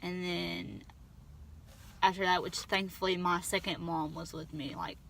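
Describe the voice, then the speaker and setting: A young woman vlogger telling a painful personal story, halting and restarting, on the verge of tears. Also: fairly low pitch, fairly even intonation, creaky, fairly bright tone, slight background noise. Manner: halting, with many restarts and trailing pauses.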